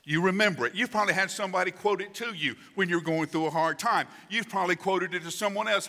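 A man's voice: high-pitched, fast, hardly any pauses, pushed and bright. A man in his sixties preaching a conversational sermon as pastor, acting out voices for emphasis. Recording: reverberant hall.

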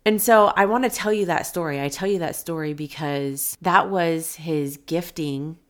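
A woman's voice: deep voice, moderate pace. A woman hosting a motivational podcast, telling a personal story in an earnest, encouraging way. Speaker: podcast host.

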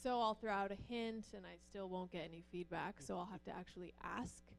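A middle-aged pastor's wife with a gravelly voice speaks a little fast as she tells personal stories to a church audience, faint music behind her. She's animated, acting out the quoted voices with rising pitch.

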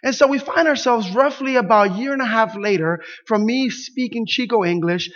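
Pastor, male, Spanish speaker, high voice, animated storyteller, lo-fi recording. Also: moderate pace. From Puerto Rico. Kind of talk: sermon with a personal story. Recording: dull lo-fi sound.

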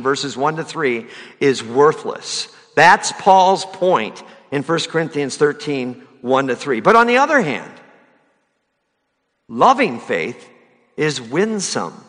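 A man's bright, slightly high voice preaches a sermon, pushing up into loud, emphatic runs and then dropping low and soft. The long reverb of a big hall trails behind every line. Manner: builds to loud, high-pitched emphatic preaching, drops soft for key lines. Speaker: pastor.

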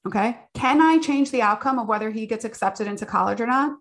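Woman, 40s, slightly high voice, earnest, chatty advice talk. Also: brisk. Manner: earnest, conversational, with many filler "like"s. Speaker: business owner sharing advice.

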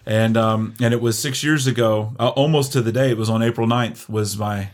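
A middle-aged man giving an earnest, halting personal testimony, full of restarts. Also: on the low side, steady tone. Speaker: guest sharing testimony.

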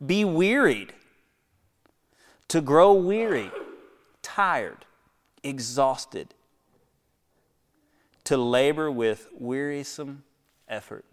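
A man preaching a sermon, swinging from hushed near-whispers to loud, high exhortations, with rhetorical questions and calls to the congregation. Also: animated, drawn-out words, pauses often. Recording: long echo of a large hall.

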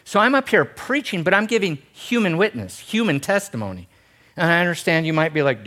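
A man in his forties preaching a sermon as pastor, animated and acting out quoted voices, with joking, self-deprecating asides. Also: brisk. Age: 40s. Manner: animated, acts out quoted voices with big pitch jumps. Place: church sanctuary.

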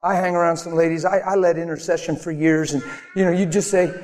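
A man preaching a sermon as pastor, animated, acting out quoted voices and laughing between lines. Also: on the high side, fast talker, big-room sound.

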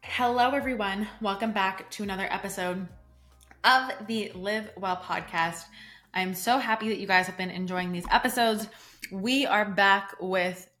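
Brief: young woman, solo podcast host, mid-pitched, casual and emphatic, lots of "like". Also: fairly bright tone. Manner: casual, emphatic, fillers like "like", acts out quoted reactions.

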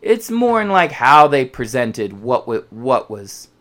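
A man's voice: medium pitch, slow pace. A man hosting a football podcast, ranting casually and profanely, sometimes mocking how other people talk. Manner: profane, animated, mocks others' voices. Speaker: podcast host.

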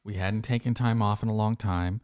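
On a clean studio recording with no room sound, a podcast host with a fairly low voice tells a story casually and a little fast. He's a lively storyteller who performs the voices of the people he quotes.

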